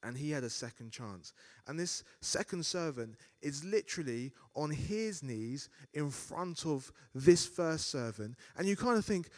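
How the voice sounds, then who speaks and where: Male preacher giving a sermon, animated delivery, acts out inner thoughts. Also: on the high side, measured pace.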